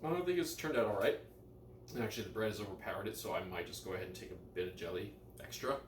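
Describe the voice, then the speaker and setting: A low-voiced man talks through his kitchen experiment in a relaxed, self-mocking way, filling pauses with ums and uhs. He sits a bit back from the mic, so the room echo comes through with a faint hum of ambience behind him. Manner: laid-back, self-deprecating, many fillers. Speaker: cooking vlogger. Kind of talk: casual vlog chat. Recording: echoey room, mic some distance away.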